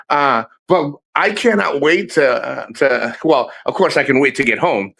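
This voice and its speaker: A man's voice: fairly high pitch, animated, a little slow, vocal fry, hardly any pauses, fairly bright tone. A man chatting casually on a vlog outdoors near the water, rambling with lots of fillers, restarts and swearing. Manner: meandering, swears often, many fillers and restarts. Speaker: vlogger livestreaming.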